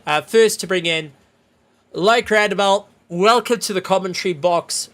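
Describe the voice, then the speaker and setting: A sim racing commentator calling a race live from the commentary box, fast and excitable. The voice is bright and forward, and it runs out of breath when the action peaks. Afterward it turns to easy chat with the drivers. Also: medium pitch.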